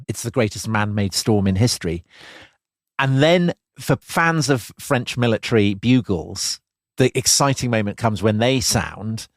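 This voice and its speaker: A man's voice: medium pitch, no echo. A man co-hosting a history podcast, chatting with dry, teasing wit. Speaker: podcast co-host. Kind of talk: casual history podcast chat.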